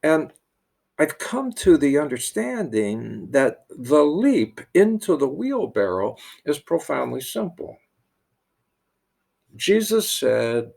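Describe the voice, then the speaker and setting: A middle-aged priest tells a parable and draws a lesson from it, stumbling over repeated words as he goes. His voice is gravelly and sits fairly high for a man. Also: big pitch swings, slow, a little mellow. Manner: many restarts and repeated words. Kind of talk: storytelling with a sermon-like lesson.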